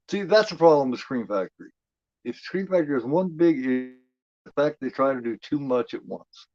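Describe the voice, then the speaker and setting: A man's voice: medium pitch, lively intonation, brisk, a little mellow, dry recording, lo-fi sound. A man hosting a horror film watch-along, chatting in a rambling, profane way, full of "you know" fillers. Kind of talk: casual live commentary.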